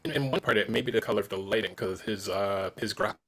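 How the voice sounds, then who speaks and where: A man on a livestream panel, talking haltingly and restarting his sentences. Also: on the low side, a bit bright. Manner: halting, full of ums and restarts. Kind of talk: casual group chat.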